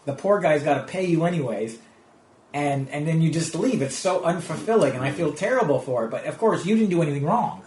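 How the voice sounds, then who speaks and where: A Canadian comedian in casual podcast talk, rambling through stories with lots of restarts. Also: male voice, fairly high pitch, animated, a little fast, darkish tone. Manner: rambling storyteller with many restarts. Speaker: guest comedian. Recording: echoey room.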